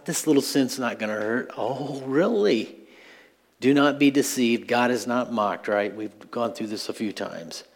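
A man preaching a sermon as pastor, in a conversational style with asides and light chuckles. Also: mid-range voice.

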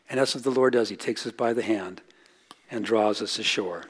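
A middle-aged man preaching a sermon, telling stories earnestly, rising for quoted lines and dropping low and soft at key points. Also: steady tone, a little fast. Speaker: pastor.

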